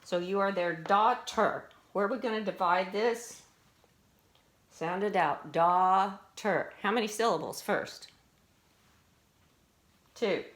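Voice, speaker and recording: A middle-aged woman teaching a spelling lesson to students. She speaks slowly and patiently at a medium pitch, defining each word and asking questions as she goes. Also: a bit bright. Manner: slow, patient, explains and asks questions.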